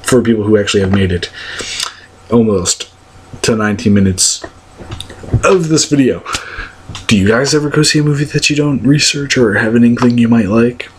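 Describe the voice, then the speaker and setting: A man's voice: mid-range voice, moderate pace, long pauses, a little hiss or hum. A young man ranting casually to his viewers, blunt and profane, rambling with many fillers. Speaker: vlogger. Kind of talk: casual rant to camera.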